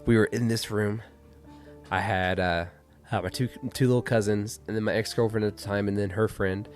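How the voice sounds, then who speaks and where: A man's voice: lowish voice, fairly even intonation, normal speed, soft background music. A man co-hosting a podcast, telling ghost stories in a rambling, profane, casual way that often trails off into a mumble. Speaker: podcast co-host. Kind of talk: casual chat.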